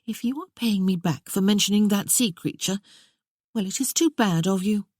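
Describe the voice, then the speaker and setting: A woman's voice: mid-range voice, normal speed, darkish tone, breathy edge, no echo, studio quality, voice pushed up, natural voice. A woman voicing a spirited, curious young Regency lady who talks in a playful, wondering way.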